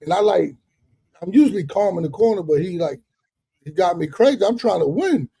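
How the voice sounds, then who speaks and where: A man hosting a live boxing chat, telling lively, profane stories full of fillers and restarts. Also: high-pitched, brisk, husky. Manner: animated, profane storytelling with many fillers. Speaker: live show host. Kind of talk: casual storytelling chat.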